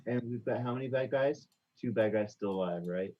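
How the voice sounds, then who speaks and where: A man's voice: medium pitch, a little fast, dull audio. A man playing in a tabletop role-playing game, thinking aloud and working out his moves with some hesitation. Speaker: player.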